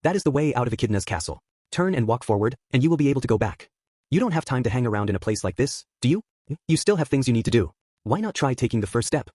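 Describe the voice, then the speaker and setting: A man voicing a grieving female witch spirit who scolds gently but loudly, in a brisk audiobook reading. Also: mid-range voice, very animated, dry recording, studio quality. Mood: gentle. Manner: scolding yet gentle, raised voice.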